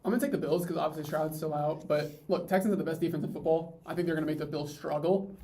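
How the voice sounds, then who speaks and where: Co-host, male, fast talker, mellow tone, faint background noise. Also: a little high, steady tone. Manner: brief, quick replies. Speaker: podcast co-host. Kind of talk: casual sports chat.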